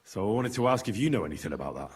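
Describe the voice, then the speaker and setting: An actor playing a polite young traveler asking questions in a video game. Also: male voice, on the low side, very animated, rapid-fire, slightly rough, full character voice. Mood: inquiring. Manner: polite, inquisitive.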